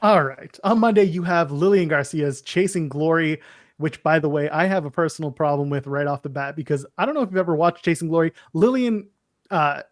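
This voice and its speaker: Snarky man with a higher voice. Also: brisk, dry recording, clean studio sound. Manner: snarky, opinionated, rambles through lists. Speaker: podcast co-host. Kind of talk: casual wrestling chat.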